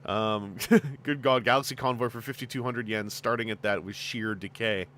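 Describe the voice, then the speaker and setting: A man hosting a casual podcast chat, talking in a chatty, lively way with plenty of fillers. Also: on the low side, normal speed. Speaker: host.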